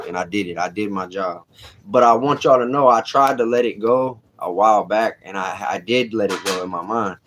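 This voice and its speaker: A man's voice: lowish voice, a bit bright, a little hiss or hum. A man hosting a casual livestream, talking bluntly in street slang and answering chat. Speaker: livestream host.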